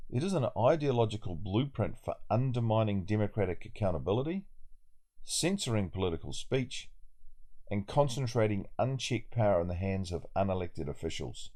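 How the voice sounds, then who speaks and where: A man's voice: on the low side, mellow. A man giving indignant video commentary, full of rhetorical questions. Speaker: political commentator.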